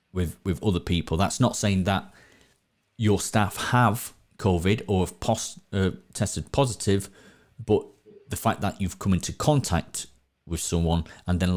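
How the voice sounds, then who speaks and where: Brief: man, low voice, easygoing host who stumbles and restarts often. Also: a little mellow. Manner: chatty, repeats words, frequent restarts. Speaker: podcast host. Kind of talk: casual live-stream chat. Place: at home.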